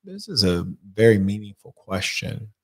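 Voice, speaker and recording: A man hosting an advice livestream, giving blunt, measured answers to viewers' questions. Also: lowish voice, sing-song. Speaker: life coach host.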